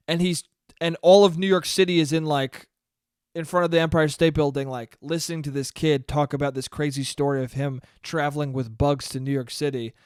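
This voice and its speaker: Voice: mid-range voice, clean tone, dry recording. A podcast host in a casual comedic monologue, rambling, swearing freely and laughing at their own jokes on a close mic.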